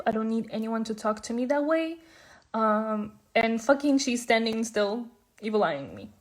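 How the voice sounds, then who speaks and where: A young woman vlogger telling a story to the camera, animated and indignant, with frequent swearing. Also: fairly high pitch. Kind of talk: storytime vlog.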